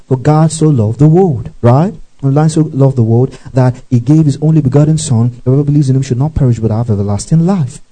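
Male preacher, sermon, very warm dark voice, mid pitch, scripture reading, frequent check-ins, praise exclamations. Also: poor audio. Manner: teaching, checks listeners often; reads scripture aloud with asides.

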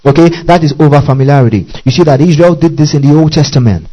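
Mellow-voiced man preaching a sermon. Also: a little high. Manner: keeps checking in with the congregation; reads scripture slowly and deliberately. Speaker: pastor. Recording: dull lo-fi recording.

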